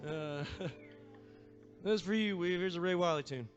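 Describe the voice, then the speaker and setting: High-voiced man telling a bar-stage story. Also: a little slow. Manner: loose, swearing, laid-back storyteller. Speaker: singer-guitarist at a bar gig. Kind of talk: profane on-stage storytelling between songs. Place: bar stage, live show. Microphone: stage vocal microphone. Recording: slightly dull live-stream sound with guitar.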